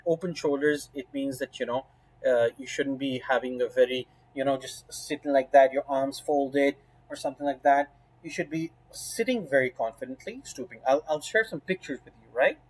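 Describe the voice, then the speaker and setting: A man's voice: medium pitch, normal speed, slightly rough, poor audio. A man teaching a medical exam course in a spoken lesson, emphatic and full of "right?" and "you know".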